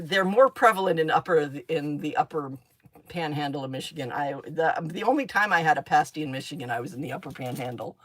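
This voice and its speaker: A woman's voice: deep voice, no room sound. A woman chats her way through a crafting livestream, talking to viewers while she works. She rambles from thought to thought, laughs often, and hums little sound effects as she draws. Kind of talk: casual chat while crafting.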